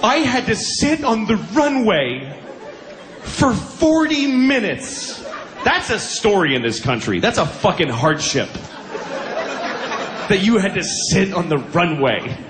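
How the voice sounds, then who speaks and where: A man rants through a stand-up set in high, swooping tones, mock-outraged and incredulous. His stage mic rings in a roomy hall, with a crowd laughing behind him. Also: very animated, takes it slowly, noisy background. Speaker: stand-up comedian. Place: comedy stage before an audience.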